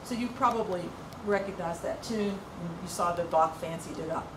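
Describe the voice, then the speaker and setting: A woman's voice: lowish voice, normal speed, echoey room, distant mic, rough recording. A woman teaching a music workshop, explaining patiently with some ums and restarts. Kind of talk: informal music lesson.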